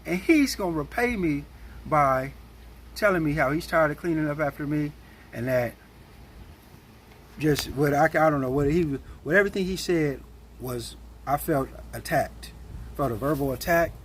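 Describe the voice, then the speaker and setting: A man telling a story in a casual, animated and blunt way, with plenty of slang. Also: a little high, normal speed, slight background noise.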